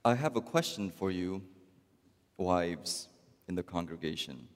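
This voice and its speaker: A man preaching a sermon as pastor, talking to the congregation in a wry, conversational way with long pauses. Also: low-pitched, animated. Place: church. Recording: long church reverb.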